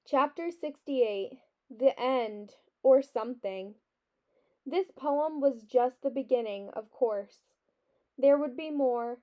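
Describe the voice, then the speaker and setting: A woman teacher reads a children's novel aloud with expressive storybook delivery. Her voice is high and her pace unhurried. The recording sounds dull and lo-fi.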